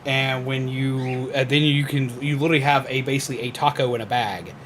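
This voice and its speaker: A man's voice: medium pitch, steady tone, a little fast, a bit bright, a little hiss or hum. A young man playing a horror game and chatting casually, swearing and rambling with lots of fillers. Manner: laid-back, swears, loose filler-heavy storytelling. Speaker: gamer. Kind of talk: casual let's-play chat.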